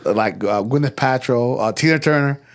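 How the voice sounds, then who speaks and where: A man's voice: mid-range voice, moderate pace. A man talking as a podcast guest in casual chat, joking around and chuckling often. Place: studio under hot lamps.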